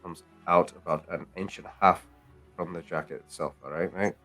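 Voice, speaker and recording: Guy gm rambling casually, lowish voice, calls people mate, faint music underneath. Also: fairly even intonation, brisk, bright, forceful tone. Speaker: game master. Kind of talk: narrating a tabletop game.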